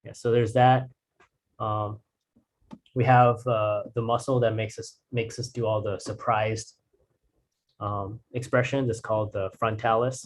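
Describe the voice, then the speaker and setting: A man's voice: fairly low pitch, little pitch movement, unhurried. A man teaching drawing in a casual, rambling way, restarting sentences and using fillers. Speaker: art instructor.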